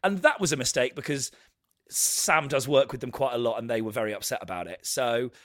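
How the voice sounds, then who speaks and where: A man's voice: medium pitch, fairly quick, fairly bright tone, no room sound, clean studio sound. A man, a podcast co-host, telling a story in casual chat with frequent laughs. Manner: chatty, laughs often, swears.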